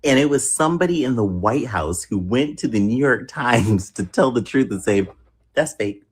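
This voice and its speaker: A woman's voice: rumbling low, expressive, normal speed, slightly rough. A woman in a played clip, giving mocking gossip commentary and laughing through her lines.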